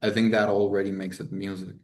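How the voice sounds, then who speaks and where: A man's voice: low-pitched, level tone, brisk, a little mellow. A man co-hosting a podcast, thinking aloud in a casual debate, restarting often and arguing firmly. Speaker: podcast co-host. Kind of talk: casual discussion.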